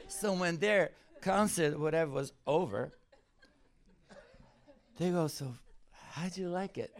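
Animated storytelling man. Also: measured pace. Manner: animated storyteller, laughs often, rises in pitch when excited. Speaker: preacher telling a personal story. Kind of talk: anecdotal sermon.

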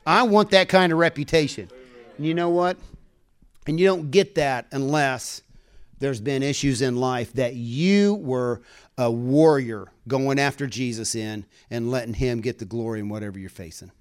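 A man's voice: medium pitch, normal speed, clear, resonant tone. A man preaching a conversational sermon, telling personal stories earnestly and building to fervent exhortation. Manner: earnest, folksy storytelling, rising to fervent exhortation.

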